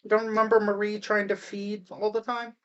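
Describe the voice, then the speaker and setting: A woman's voice: mid-range voice, level tone, a little fast, smooth, lo-fi sound. A woman casually recapping a movie, rambling with fillers and restarts, and talking to the audience in asides.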